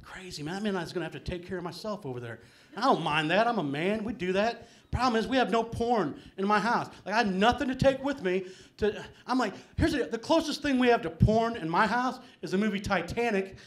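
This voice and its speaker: A middle-aged man working a small club stage with a slightly high voice. He rambles through his stories in a loose, self-deprecating way, tossing in "man" and "um" constantly. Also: expressive, fairly quick. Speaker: stand-up comedian. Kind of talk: live stand-up set. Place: small comedy venue with live audience.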